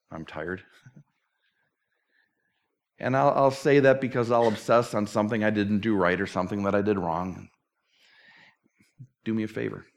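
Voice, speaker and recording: A man preaching a sermon as pastor, earnest and candid, moving from animated talk to a hushed closing prayer. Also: lowish voice, vocal fry.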